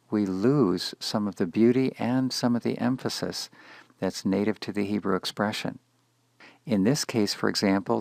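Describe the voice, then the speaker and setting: A man teaching Hebrew grammar in a measured, explanatory lecture, slowing down to spell out Hebrew words. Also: lowish voice, vocal fry, dry recording. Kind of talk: scripted lecture.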